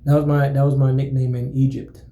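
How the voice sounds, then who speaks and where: A man talking casually to his viewers in a relaxed, rambling way, full of fillers and restarts. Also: mid-range voice, a little fast, echoey room, poor audio. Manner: relaxed, friendly greetings. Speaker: vlogger. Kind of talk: casual chat to camera.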